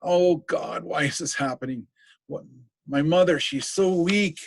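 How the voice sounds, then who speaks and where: A man's voice: fairly high pitch, lively intonation, measured pace, vocal fry, no room sound, voice pushed up, full character voice. A man voicing a grieving young prince who is anguished and exasperated, firing off repeated questions.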